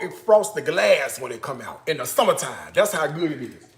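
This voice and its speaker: A man hosts a relaxed cooking show and talks straight to his audience, teasing them in a playful way. He grew up in Chicago. His voice sits a little high for a man. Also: normal speed, reverberant. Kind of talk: casual live cooking chat to viewers.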